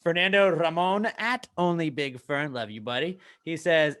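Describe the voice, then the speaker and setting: A man co-hosting a comedy podcast, loud and joking, swearing freely and slipping into silly accents. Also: fairly high pitch, normal speed, clear, resonant tone. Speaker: podcast co-host. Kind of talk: casual comedic chat.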